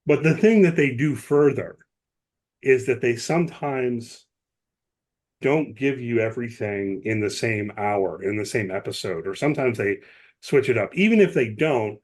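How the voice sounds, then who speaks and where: A man's voice: mid-range voice, measured pace, a little mellow. A man co-hosting a podcast, explaining at length in casual chat, with many asides and restarts. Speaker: podcast co-host.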